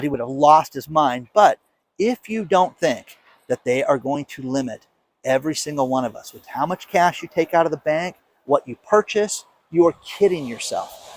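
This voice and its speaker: A man's voice: on the high side, expressive, moderate pace. A man in his fifties, hosting a casual monologue, telling a story with emphatic, indignant energy and acting out quoted lines. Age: 50s. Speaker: show host.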